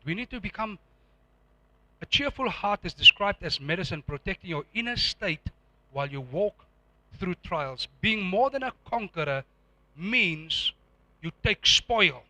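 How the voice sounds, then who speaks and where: This man, a pastor, preaches with animation, firing rhetorical questions at his congregation. His voice is high-pitched and the recording has no echo.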